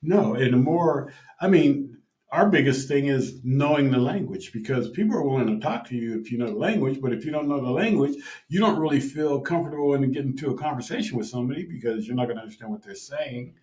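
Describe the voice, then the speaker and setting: A man from the United States co-hosts a casual conversation, relaxed and agreeable as he chimes in. His pitch is middling. The recording has a roomy echo. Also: fast talker. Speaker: co-host. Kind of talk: casual chat.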